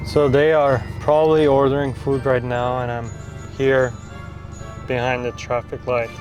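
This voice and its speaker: A man's voice: medium pitch, level tone, a little slow, a little mellow, soft background music. A young man talking casually to his camera from inside a car, chatty and mock-complaining about his challenge. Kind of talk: casual vlog narration. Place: inside a parked car in a city.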